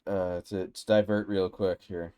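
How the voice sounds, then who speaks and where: A man's voice: low voice, flat delivery, moderate pace, mellow, clean tone. A man streaming a game, chatting and joking casually. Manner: laughing, joking. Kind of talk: casual live-stream chat.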